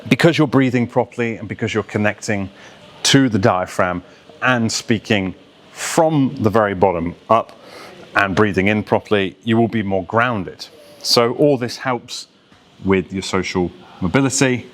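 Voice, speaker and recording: A man's voice: fairly low pitch, measured pace. A man working as a voice coach, explaining accents and diction in an instructive way and now and then mimicking accents to make a point.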